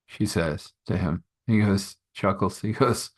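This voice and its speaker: Man, low voice, casual improvised storyteller, rambling. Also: measured pace, hardly any pauses, breathy edge. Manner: rambling, loose and conversational with fillers.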